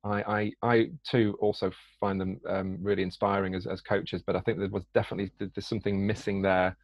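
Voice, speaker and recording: Casting: British man, podcast guest, low gravelly voice, hesitant, dry muffled audio. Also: flat delivery, fairly quick, dry recording. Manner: hesitant, many fillers and restarts. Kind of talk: conversational podcast interview. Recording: dull lo-fi dry sound.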